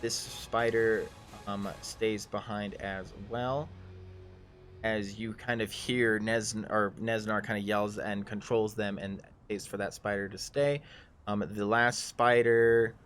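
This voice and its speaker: A man narrating a live tabletop game as game master, halting often with ums and restarts. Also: lowish voice, flat delivery, a bit bright, faint music behind.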